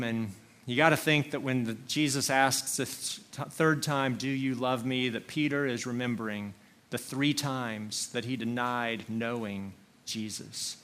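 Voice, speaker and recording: A man preaching a sermon, slow and earnest, leaning on single words for emphasis. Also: mid-range voice, a bit bright. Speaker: pastor.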